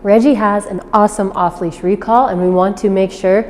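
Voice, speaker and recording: A woman's voice: steady tone, normal speed, a little mellow, in a large hall, a little hiss or hum. Woman dog trainer explaining outdoors. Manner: explains patiently, then switches to high-pitched praise for the dog. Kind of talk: instructional demonstration.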